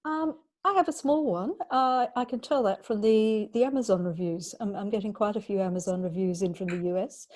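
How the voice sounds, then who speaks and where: Mellow Australian woman author chatting. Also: mid-range voice, brisk, hardly any pauses. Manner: thoughtful, restarts words often. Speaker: author guest. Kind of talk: casual online video chat. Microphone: video call.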